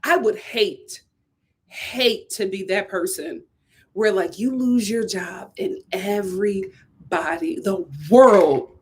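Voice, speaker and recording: A woman from Philadelphia hosts a casual live stream, speaking slowly in a mid-range voice. She's chatty and animated, often repeating herself and laughing a lot.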